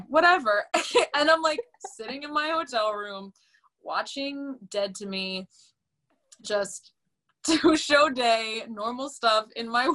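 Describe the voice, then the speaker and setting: A young woman in her twenties, a podcast guest, telling a story in a casual, animated way with lots of fillers. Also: fairly high pitch. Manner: animated and chatty, many fillers, laughs often. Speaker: podcast guest, musical theater performer.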